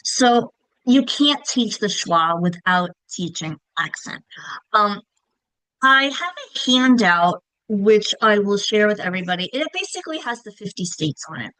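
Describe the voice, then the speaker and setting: A woman's voice: medium pitch, expressive, a little slow, pushed and bright, dry recording, rough recording. A woman presents a lesson on teaching reading, talking in a casual, friendly-professional way. She stretches and stresses example words to demonstrate, and her voice sits in a medium range. The recording is dry and close, with no room sound. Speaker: literacy teacher trainer. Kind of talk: instructional presentation.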